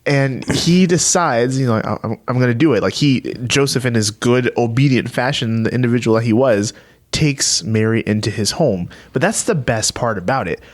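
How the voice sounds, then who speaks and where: A man co-hosting a casual faith podcast, retelling a Bible story with animated asides and frequent laughter. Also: medium pitch, normal speed. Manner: storytelling, animated, laughs often, acts out quotes. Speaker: podcast co-host.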